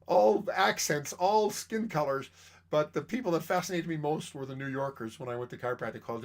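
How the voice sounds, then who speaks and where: Middle-aged Canadian man, slightly high voice, rambling casual shop talk with lots of fillers. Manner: rambling, filler-heavy, chatty. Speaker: chiropractor and massage chair dealer.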